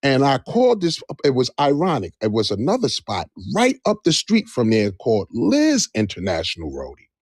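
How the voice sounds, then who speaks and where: Animated man speaking with conviction. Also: mid-range voice, normal speed, hardly any pauses, no room sound, clean studio sound. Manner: animated, emphatic, repeats phrases for stress. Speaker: livestream debate participant. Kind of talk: impassioned live discussion. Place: Georgia area, on a live stream.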